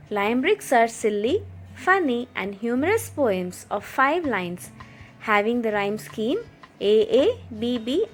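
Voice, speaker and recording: Lady teacher explaining stuff to kids, kinda high voice, slow and patient, bit of music under it. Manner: clear, patient, addresses children directly. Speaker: English teacher. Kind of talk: scripted video lesson.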